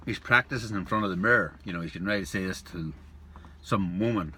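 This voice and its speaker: A man hosting a casual vlog, telling a joke and rambling in a relaxed way. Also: low-pitched, fast, a little hiss or hum. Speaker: pipe-smoking channel host.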